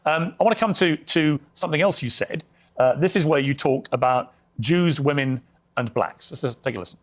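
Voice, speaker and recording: Brisk, pressing male TV interviewer. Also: fairly high pitch. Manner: brisk, probing follow-up questions. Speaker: television interviewer.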